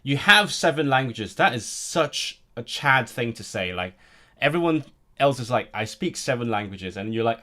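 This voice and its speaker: A man's voice: medium pitch, big pitch swings, moderate pace, bright, forceful tone. A man chatting casually on a live stream, rambling and restarting his sentences often. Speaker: language streamer.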